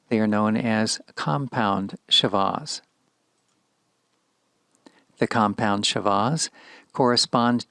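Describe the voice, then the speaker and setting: A man giving a slow, measured grammar lesson in a recorded lecture. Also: fairly low pitch, creaky, fairly bright tone, dry recording. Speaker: Hebrew teacher.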